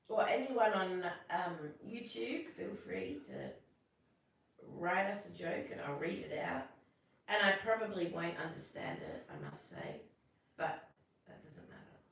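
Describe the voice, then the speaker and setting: A woman's voice: medium pitch, recorded from a distance. Woman live-stream host, chatty and self-mocking, slightly under the weather, voice echoing from off mic. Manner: chatty, self-deprecating, tells corny jokes. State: a little sick. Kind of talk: casual live stream chat. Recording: echoey room, away from the mic.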